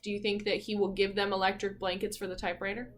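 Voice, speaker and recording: A woman teacher reading a picture book aloud to children, gently explaining words and asking them questions. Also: medium pitch, level tone, fast.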